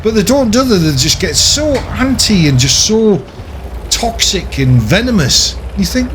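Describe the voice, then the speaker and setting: A man's voice: high-pitched, very animated, a little slow, a bit bright, slight background noise. A man giving casual, ranting commentary over his gameplay, chatty and often laughing. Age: older. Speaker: gaming YouTuber.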